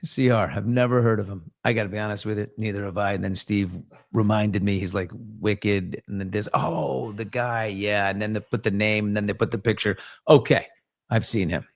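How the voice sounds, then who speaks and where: A man's voice: fairly low pitch, normal speed, vocal fry. A middle-aged man hosting a casual live morning talk show, blunt and sarcastic, now and then mimicking other voices. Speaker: host.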